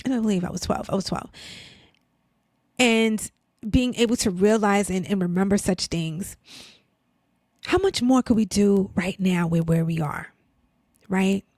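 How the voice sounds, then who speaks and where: A woman's voice: mid-range voice, measured pace, long pauses, darkish tone, dry recording. A woman in her fifties hosting a podcast in a casual, heartfelt chat, peppering her talk with "like" and "girl". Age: 50s. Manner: chatty, emotional, heavy use of "like" and "girl". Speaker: podcast host.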